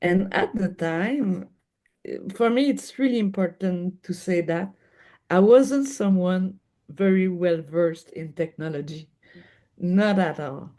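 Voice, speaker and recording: Slow-spoken woman with a Québécois French accent. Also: on the low side, mellow. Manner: hesitant, searching for words with restarts. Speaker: guest. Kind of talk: interview conversation.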